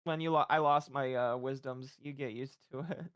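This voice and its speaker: A woman's voice: rumbling low, steady tone, normal speed, clean tone, no echo. Chatty laughing woman hosting a stream. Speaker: stream host. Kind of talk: casual watch-along chat.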